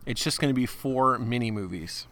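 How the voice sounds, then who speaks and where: A man's voice: mid-range voice, normal speed, a bit bright. A young man co-hosting a podcast in a rambling, jokey casual chat, laughing often. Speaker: podcast co-host.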